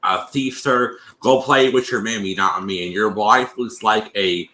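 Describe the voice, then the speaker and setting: A man on a livestream reading a post aloud haltingly, stumbling over words with fillers. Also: fairly low pitch, sharp tone, reverberant.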